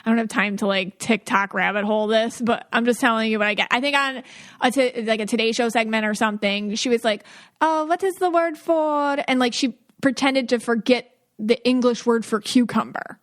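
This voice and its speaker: A woman's voice: on the high side, fairly even intonation, a bit bright. Chatty woman podcast host. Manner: chatty, quick asides, frequent fillers. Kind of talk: casual chat.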